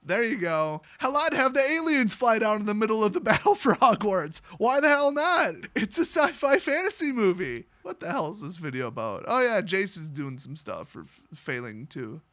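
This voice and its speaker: A man's voice: high-pitched, very animated, normal speed, hardly any pauses, bright, forceful tone. A man mockingly recapping a fantasy story, with crude, sarcastic jokes. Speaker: host.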